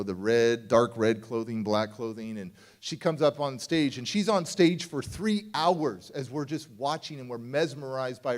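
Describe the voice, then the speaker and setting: A middle-aged man giving a motivational keynote at a youth summit, telling his life story in a lively way and acting out his younger self. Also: on the high side. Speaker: motivational speaker. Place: conference stage before a live audience.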